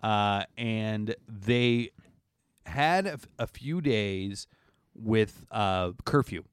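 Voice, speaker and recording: A man's voice: lowish voice, very slow, clean tone, no room sound, studio quality. A man co-hosting a podcast, telling a story in a joking, rambling way. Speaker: podcast co-host. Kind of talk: casual chat.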